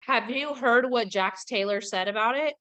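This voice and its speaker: A woman's voice: a little high, moderate pace, a bit bright. A woman hosting a podcast, chatting casually and animatedly about pop culture, with plenty of gossip and giggles. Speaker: podcast host.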